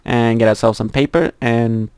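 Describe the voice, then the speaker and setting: A young man casually commenting on his own gameplay, chatty and giggly, rambling to himself and squealing high at cute animals. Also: fairly even intonation, normal speed, a little mellow, a little hiss or hum.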